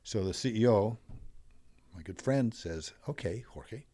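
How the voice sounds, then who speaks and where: An older man, a guest on a podcast, telling an animated story about business and mindset, his voice swelling and dropping as he makes his point. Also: on the low side, a little slow. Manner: animated storyteller, rising and falling in loudness. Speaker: podcast guest, wealth coach.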